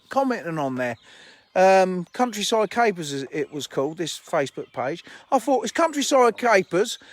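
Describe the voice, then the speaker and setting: Bloke rambling on a phone livestream outdoors by a lake, highish voice, blunt and matey. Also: male voice. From England. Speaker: livestream host. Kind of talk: casual livestream chat reading viewer comments.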